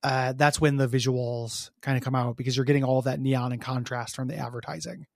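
A man's voice: mid-range voice, fairly even intonation, a little fast, vocal fry, no room sound, studio quality. A man co-hosting a podcast in casual game review chat, rambling with many ums and restarts. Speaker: podcast co-host.

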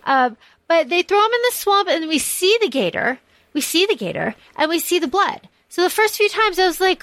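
A woman hosting a podcast, talking casually in an animated, profane way, with lots of fillers and restarts. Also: very high-pitched, normal speed, no room sound. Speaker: podcast host. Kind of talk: casual chat.

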